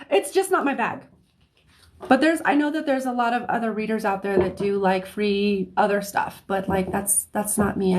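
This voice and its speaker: A woman with a fairly high voice does a live-streamed tarot reading as a psychic, chatty and easygoing. She keeps checking in with "okay?" and laughs softly between phrases, picked up by a phone or desk mic on the stream.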